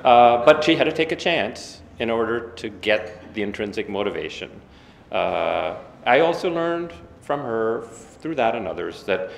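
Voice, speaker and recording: A man in his fifties giving a self-deprecating after-dinner speech, halting with many fillers. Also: medium pitch, expressive, vocal fry. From Ontario, Canada. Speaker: guest speaker. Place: banquet hall. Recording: echoey banquet hall with faint room noise.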